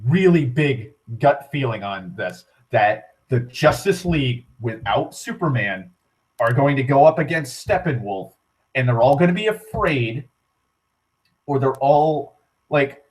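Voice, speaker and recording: A young man rants at length in a loose, rambling way, filling his talk with "like" and swearing freely. He often stops and restarts mid-sentence. His voice sits at an ordinary middle pitch. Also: expressive, measured pace. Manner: rambling, profane, heavy on "like", frequent restarts. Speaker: vlogger. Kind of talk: rambling casual rant.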